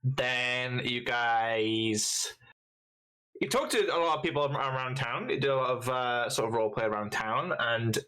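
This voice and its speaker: A man narrating as game master in a tabletop game, halting and full of fillers. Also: medium pitch, pushed and bright, smooth, low-quality recording. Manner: halting, many fillers, laughs often.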